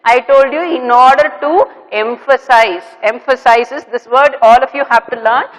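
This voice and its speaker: A middle-aged woman teacher with a fairly high voice explains a poem to her students. She repeats her points and keeps checking in with "okay". Her voice rings with a long reverb. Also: steady tone, brisk. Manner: repetitive, checking with "okay" and "clear?". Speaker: English teacher. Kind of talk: classroom lesson explaining a poem.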